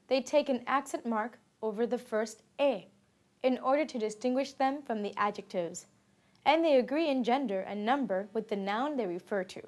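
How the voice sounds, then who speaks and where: A woman reading scripted textbook narration in a slow, careful, even delivery, giving examples in two languages. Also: fairly high pitch.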